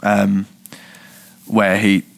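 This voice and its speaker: A man's voice: on the low side, completely flat delivery, very slow, vocal fry. A man with a Birmingham accent co-hosting a podcast in casual chat, talking in a hesitant, reflective way that often trails off. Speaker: podcast co-host.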